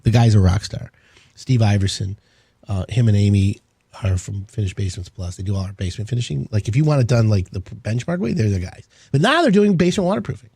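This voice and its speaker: Male talk-radio host with a warm, slightly husky voice, rambling and upbeat. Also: lowish voice, animated, quick pace, no room sound. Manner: rambling, enthusiastic salesman patter. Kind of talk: casual on-air talk.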